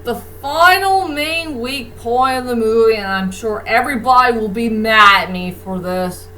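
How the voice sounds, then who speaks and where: Earnest woman reviewer, higher voice, slow unhurried casual delivery. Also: pushed and bright, a little hiss or hum, poor audio. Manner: earnest, plain-spoken, repeats a stock phrase to close points. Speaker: movie reviewer. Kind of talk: casual spoken movie review.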